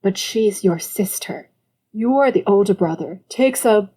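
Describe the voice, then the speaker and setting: Brief: woman reading as a calm, firm dad, giving measured instructions. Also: medium pitch. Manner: measured, lecturing. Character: stern middle-aged father, calm and firm. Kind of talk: audiobook character voice.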